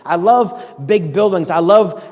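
A man's voice: sits high, measured pace, a little mellow. A man from the area preaching a sermon as pastor, with fervent, conversational delivery and repeated emphatic commands. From Boston area, USA. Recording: long hall reverb.

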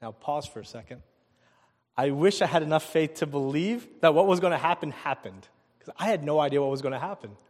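In a space with long hall reverb, a man with a voice on the high side preaches a sermon built around a personal story. He is animated, chuckles frequently and puts questions to the crowd.

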